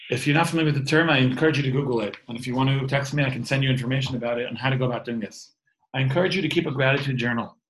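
A man's voice: mid-range voice, racing, slight background noise, poor audio. Man, 30s, earnest informal teacher; restarts phrases, video-call sound. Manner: earnest, repeats and restarts words. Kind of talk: informal talk on faith and wellbeing.

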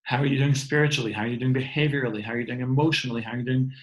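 A man's voice: mid-range voice, fairly even intonation, racing, low-quality recording. A man in his thirties giving an informal, earnest talk on faith and wellbeing over a video call, often repeating and restarting words. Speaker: teacher.

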